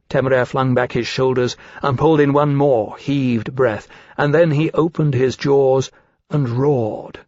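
A man narrates a novel in a measured, steady voice of middle pitch. The recording is close and dry, with a slightly dull, muffled top end. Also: no room sound. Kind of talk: audiobook narration. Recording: dull dry studio sound.

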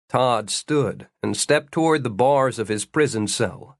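A man's voice: medium pitch, a little slow, few pauses, no echo. Male audiobook narrator, dry close sound. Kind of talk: scripted narration.

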